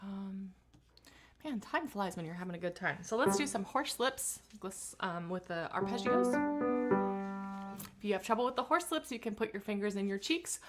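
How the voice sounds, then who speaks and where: A woman vocal coach leading a live online singing warm-up in a relaxed, chatty way, humming and singing examples between instructions. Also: mid-range voice, moderate pace, over loud music. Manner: relaxed, chatty guidance with hummed and sung demonstrations.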